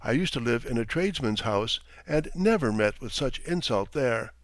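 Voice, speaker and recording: A man's voice: medium pitch, expressive, normal speed, no room sound, close to an everyday voice. A man voicing a tearful, indignant female servant who protests plaintively against her master.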